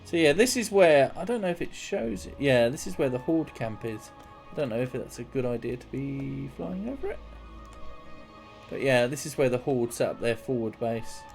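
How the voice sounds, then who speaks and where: A man's voice: mid-range voice, animated, normal speed, darkish tone, faint music behind. A man giving casual, rambling gameplay commentary as a streamer. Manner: rambling, chatty, self-mocking.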